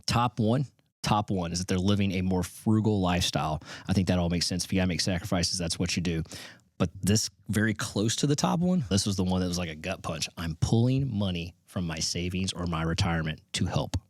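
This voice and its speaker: A middle-aged podcast host with a low voice offers casual, emphatic solo commentary on survey results, restarting sentences often. He talks fairly quickly, and the audio is clean studio sound with no echo.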